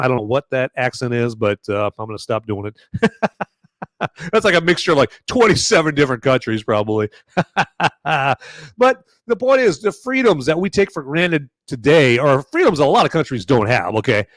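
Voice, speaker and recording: A man's voice: medium pitch, very animated, moderate pace, dry recording. A man hosting a live-stream movie review podcast, talking casually and rambling with lots of fillers and restarts. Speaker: podcast host.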